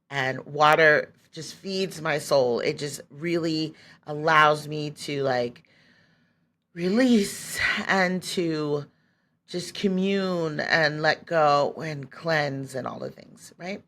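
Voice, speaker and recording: A podcast host in her forties takes her time telling her own story, her deep voice fairly bright. The storytelling is candid and conversational, heavy on fillers, with frequent laughter and reenactments of what she thought back then.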